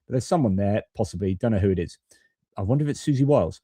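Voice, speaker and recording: A man with a lowish, mellow voice talks through a live stream, reading viewer comments and giving his own rambling, opinionated takes. He often stops and corrects himself mid-thought. The sound is close and dry, with no room around it. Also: expressive, fast talker, husky, no room sound. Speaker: host of a live-stream geopolitics channel.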